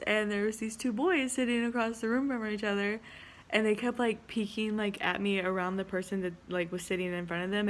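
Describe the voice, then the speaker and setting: Against slight background noise, a young education student casually tells a story in her vlog. She speaks at a medium pitch, chatters and giggles, and sprinkles "like" throughout.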